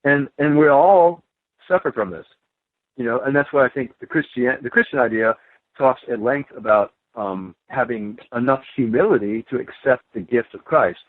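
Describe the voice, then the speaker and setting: A man's voice: medium pitch, normal speed, no echo. A man, a guest author, talking emphatically in a podcast conversation, laughing between his points. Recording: tinny phone line.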